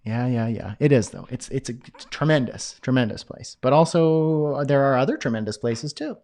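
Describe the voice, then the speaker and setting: A man's voice: mid-range voice, sing-song, fairly quick, a little mellow. A man from Canada with a Canadian accent, hosting a live Q&A call. He reads chat comments aloud and rambles and jokes, with lots of fillers. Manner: rambling and jokey, with many fillers. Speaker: course host and coach.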